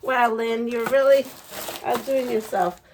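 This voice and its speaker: A woman's voice: fairly high pitch, unhurried, noisy background. Gushing, giggly woman vlogger. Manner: gushing and excitable, gasps and giggles; rambling, many fillers. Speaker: quilting vlogger. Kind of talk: casual unboxing chat.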